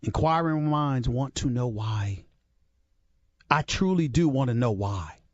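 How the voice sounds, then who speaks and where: A man's voice: mid-range voice, lively intonation, unhurried, no echo. A man giving heated sports commentary in an exasperated, disgusted rant, on slightly muffled broadcast audio.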